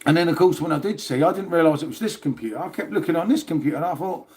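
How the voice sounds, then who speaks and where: A man's voice: fairly high pitch, rapid-fire, a little mellow. A man hosting a casual livestream, chatting and rambling to viewers and swearing now and then. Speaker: livestream host.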